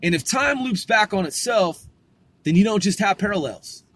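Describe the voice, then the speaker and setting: High, bright-voiced man rambling. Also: expressive, normal speed. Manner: profane, rhetorical, repeats words, asks the listener questions. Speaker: vlogger. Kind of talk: rambling philosophical monologue.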